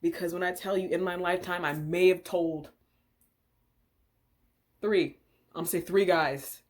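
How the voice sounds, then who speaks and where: A woman's voice: fairly low pitch, fairly even intonation, a little slow. A young woman telling a casual storytime, chatty and exasperated, with plenty of filler words, swearing and laughs. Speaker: vlogger.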